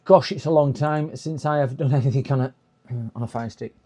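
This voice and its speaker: Male livestream host, casual rambling chat, voice going hoarse. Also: mid-range voice, fairly quick, mellow. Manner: chatty, rambling, laughs at his own jokes. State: voice going hoarse, clearing throat. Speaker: livestream host repairing computers. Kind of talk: casual live-stream chat.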